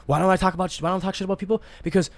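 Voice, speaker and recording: A man's voice: high voice, steady tone, very fast, dry recording. A man in his twenties hosting a podcast in casual chat. He talks emphatically and swears freely. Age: 20s. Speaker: podcast host.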